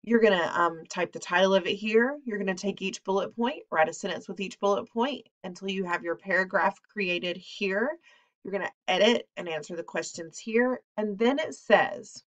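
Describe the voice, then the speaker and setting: A woman teacher talks her class through the day's assignment in a recorded lesson. Her voice sits at an ordinary middle pitch, and her delivery is chatty and relaxed, full of ums and wandering asides. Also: brisk.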